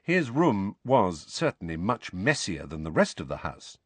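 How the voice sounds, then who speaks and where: Casting: male audiobook narrator, low husky voice, lively delivery. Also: unhurried, dry recording. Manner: expressive storytelling. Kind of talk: scripted narration.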